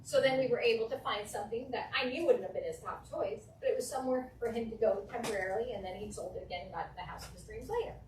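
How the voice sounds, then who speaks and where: Woman, higher voice, negotiation trainer, live class lecture, roomy sound, heard from a distance. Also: quick pace, hardly any pauses. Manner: lively, acts out phone calls and client replies. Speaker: real estate negotiation trainer. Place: classroom with an audience. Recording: echoey room from a distance, faint noise.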